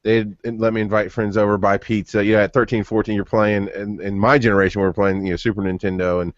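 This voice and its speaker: A man's voice: on the low side, little pitch movement, quick pace, no echo. Man in his thirties, casual podcast host, rambling stories, dry close sound, muffled lo-fi audio. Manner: rambling storyteller with frequent restarts. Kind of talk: casual chat.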